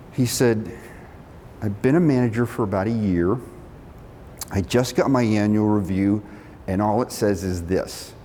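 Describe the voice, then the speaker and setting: A middle-aged man telling a story from his working life, animated, acting out the quotes. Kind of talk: storytelling talk. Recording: long reverb of a hall, faint rumble.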